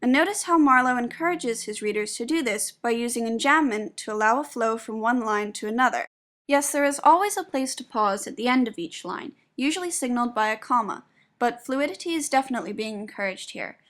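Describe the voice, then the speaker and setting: A young woman reading a spoken essay aloud in a measured, explanatory way, presenting her own analysis of poetry. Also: fairly high pitch, lively intonation, a bit bright. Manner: measured and explanatory, stressing syllables when demonstrating meter.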